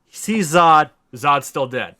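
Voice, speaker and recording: A man hosting a podcast, excitedly retelling a story pitch in casual, swearing chat. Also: slow pace. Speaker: podcast host.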